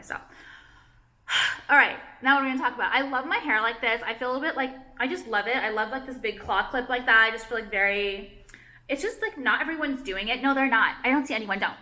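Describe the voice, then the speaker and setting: A young woman talks straight to her camera in a loose, rambling vlog. Her voice is bright and forward, and she keeps breaking off her own sentences with nervous restarts and "like". She sounds anxious and self-conscious as she chats. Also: on the high side. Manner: rambling, self-interrupting, heavy use of "like", anxious. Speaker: vlogger and jewelry designer. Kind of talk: casual rambling chat to camera.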